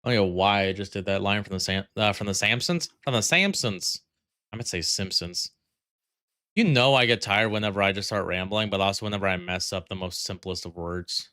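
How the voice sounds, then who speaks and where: Smooth-voiced male streamer, rambling chat. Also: sits low, a little fast, sharp tone, no room sound, studio quality. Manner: rambling and playful, many fillers. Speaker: live streamer. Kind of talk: casual gaming live stream chat.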